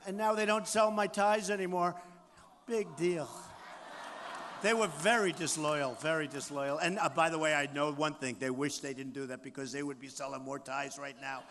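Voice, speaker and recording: A boastful man in his sixties works a campaign rally from the podium, circling back to the same points again and again. His voice sits rather high for a man. A long hall reverb trails each phrase, over a faint hum of the crowd. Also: steady tone, moderate pace. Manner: boastful, repetitive, riffing off the crowd. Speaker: political candidate. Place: large rally venue.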